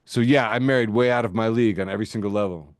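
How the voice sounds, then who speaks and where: A man's voice: on the low side, very fast, dry recording, clean studio sound. A man hosting a casual podcast, reading funny social media posts aloud and laughing often. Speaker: podcast host. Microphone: video call mic.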